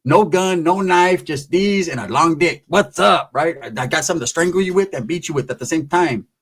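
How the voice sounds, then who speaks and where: A man telling a comic story, animated and profane, acting out every character himself. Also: on the high side, a little fast, husky. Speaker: comedian. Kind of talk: comedic storytelling.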